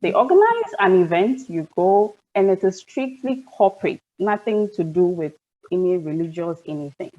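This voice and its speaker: A woman's voice: fairly low pitch, animated, moderate pace, narrow, tinny audio. A woman, moderating an online panel and framing long questions for the guests. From Ghana.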